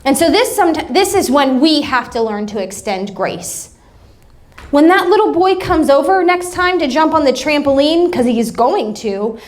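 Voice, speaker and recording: A woman pastor giving a sermon, telling humorous family stories in a chatty way. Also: sits high. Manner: chatty, humorous anecdotes with acted-out quotes. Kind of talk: sermon storytelling.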